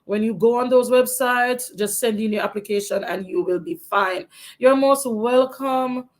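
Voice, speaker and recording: A woman's voice: on the high side, unhurried. A woman from Jamaica with a Jamaican accent, a teacher hosting a live Q&A and giving frank, encouraging advice to viewers, often restarting her sentences. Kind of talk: live Q&A, answering viewer questions.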